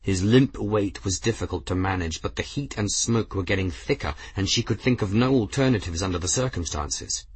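Husky low-voiced male narrator. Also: normal speed, few pauses, dry recording. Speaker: audiobook narrator. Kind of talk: scripted narration.

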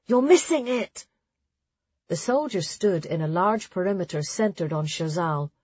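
Breathy, low-voiced woman narrator. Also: no room sound, highs cut off. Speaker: audiobook narrator. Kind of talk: scripted narration.

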